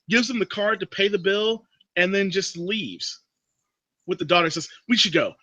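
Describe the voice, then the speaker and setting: A man hosting a casual chat, recapping a film plot as an animated storyteller. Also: dry recording, muffled recording. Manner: animated storyteller, drops into a creepy low voice for quotes. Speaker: podcast host recapping a movie.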